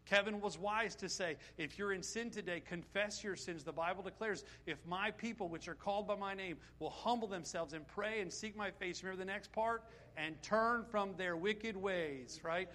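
A middle-aged male preacher with a high, bright voice delivers a sermon. He speaks with emphasis and keeps throwing rhetorical questions at the congregation. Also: fairly quick, few pauses.

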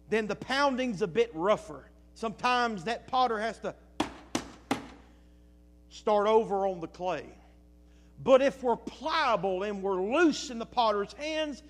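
A man delivers a sermon from the pulpit. He drops into soft, low-key storytelling, then slows right down to stress each word. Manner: preaching with rising and falling intensity, slow emphatic phrases. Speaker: pastor.

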